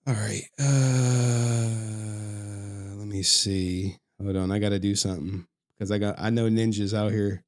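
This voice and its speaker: A man's voice: fairly low pitch, fairly even intonation, measured pace, a little mellow. A man chatting casually on a live stream, talking straight to his chat in a loose, profane way and laughing often.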